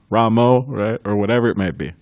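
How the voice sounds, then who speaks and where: A man giving a devotional class, recounting a memory with frequent chuckles and halting restarts. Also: on the low side, dry recording, lo-fi sound. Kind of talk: reminiscing in a scripture class.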